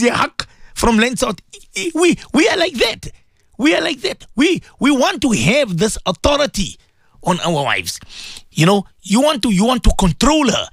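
A man's voice: extremely high pitch, very animated, normal speed, vocal fry, fairly bright tone, dry recording, clean studio sound. A man hosting an Islamic radio show, preaching with passion, asking rhetorical questions and repeating himself for emphasis. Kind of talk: impassioned religious radio talk.

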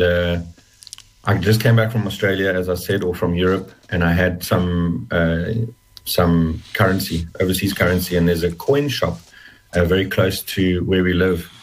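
A man speaking as an interview guest, telling a personal story in fast halting bursts with many repeated words. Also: deep voice, low-quality recording. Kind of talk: emotional personal testimony.

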